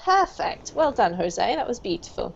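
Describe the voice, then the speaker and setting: A woman's voice: medium pitch, sing-song, normal speed, vocal fry. A woman teaching an online pronunciation class, encouraging and upbeat, praising students often. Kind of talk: online group pronunciation lesson. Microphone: video call. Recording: dull lo-fi video call audio.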